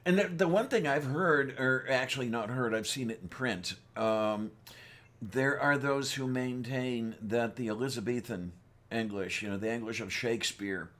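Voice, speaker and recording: A man's voice: medium pitch, moderate pace, a bit bright. A man hosting a casual online chat show, playful and joking, laughing often. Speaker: host.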